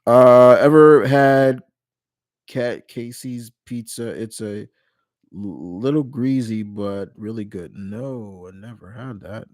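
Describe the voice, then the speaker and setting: A man's voice: medium pitch, slow pace, darkish tone. A man hosting a live stream Q&A in casual chat, rambling and often restarting or correcting himself mid-sentence. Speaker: live stream host answering viewer questions.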